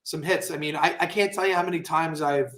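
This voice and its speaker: A man with a fairly high voice tells stories as a podcast guest. His delivery is animated and profane, full of "like" and "right?" asides. His tone has a bright, forceful edge. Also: brisk. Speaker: guest entrepreneur. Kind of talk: casual storytelling interview.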